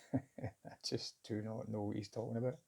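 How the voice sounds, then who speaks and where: A middle-aged man telling a personal story in a candid, halting, reflective way. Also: lowish voice, flat delivery, gravelly, a little mellow, breathy edge. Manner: candid, halting, self-searching. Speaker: vlogger recounting a job interview.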